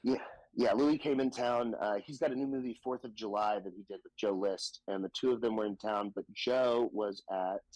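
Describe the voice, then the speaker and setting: A man from the Southern United States, a stand-up comedian telling stories in a casual podcast chat, animated and profane, slipping into quoted voices. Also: fairly low pitch, normal speed, no room sound, rough recording.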